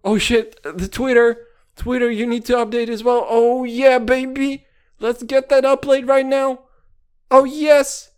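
A man's voice: very high-pitched, little pitch movement, a little slow, darkish tone, clean tone. A young man rambling through a casual solo podcast, jokey and full of swearing. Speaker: podcast host.

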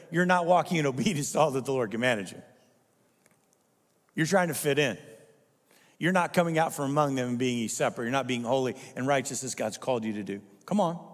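A man's voice: medium pitch, brisk, long reverb tail. A male pastor preaching a sermon with emphatic delivery, firing rhetorical questions at the congregation.

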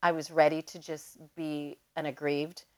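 A woman guest on a podcast, telling a personal story in a casual, animated way and leaning often on "like". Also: sits low, measured pace, clear, resonant tone. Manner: animated, emotional storyteller who leans on "like".

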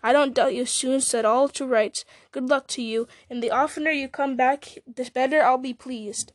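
Rambling apologetic innkeeper man as read by a woman, fairly high voice, dry recording. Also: steady tone, moderate pace, no room sound, natural voice. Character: male innkeeper, chatty and apologetic.

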